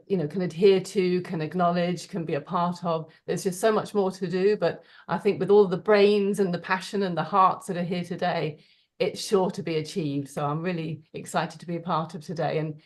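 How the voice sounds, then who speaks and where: Earnest woman with a lowish voice. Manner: warm, earnest, hesitant with fillers. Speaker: participant. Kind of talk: heartfelt spoken thanks on a video call. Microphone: video call.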